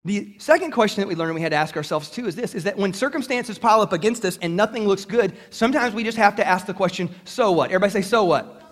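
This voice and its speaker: Pastor, man, high-pitched, animated preacher with call-and-response, reverberant sanctuary. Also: fast talker. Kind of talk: sermon. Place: church sanctuary.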